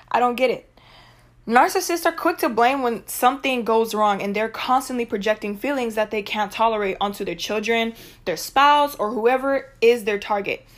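A young woman with a fairly high voice vents on her vlog. She tells a personal story in an animated, emphatic way, pressing hard on her words. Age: young adult. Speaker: vlogger.

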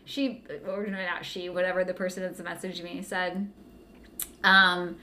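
Co-hosting a podcast, a woman tells a story in loose, casual chat, laughing often and leaning heavily on "like." Her mid-range voice has a sharp tone and a moderate pace, with a giggly storytelling manner.

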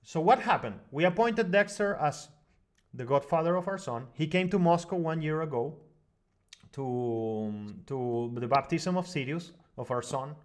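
Man, slightly higher-pitched voice, animated storyteller, run-on sentences, fillers and restarts, remote call mic. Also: unhurried. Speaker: guest on a live online broadcast. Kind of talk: long rambling personal story in casual discussion.

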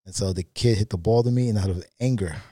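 Low, mellow-voiced man telling stories. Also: quick pace, no room sound. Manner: candid, animated anecdotes with frequent fillers. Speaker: podcast guest. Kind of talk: casual storytelling.

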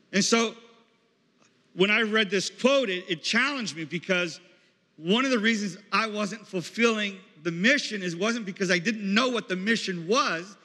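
Preaching to a campus ministry in an echoey hall, a man speaks in a high-pitched, bright and forceful voice. His sermon stays conversational as he calls on audience members.

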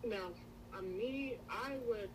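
A woman's voice: medium pitch, takes it slowly, background noise. A woman guest in a casual faith chat, answering in a hesitant, thoughtful way with many fillers.

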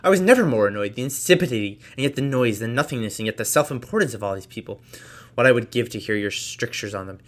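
A haughty young society lady, as a man reading aloud puts her on mocks and teases in quick, clipped phrases. Her voice sits at an ordinary middle pitch, with no great lift or softening. It is a man's own reading voice, only lightly shaded. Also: lively intonation, lightly acted. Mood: mocking.

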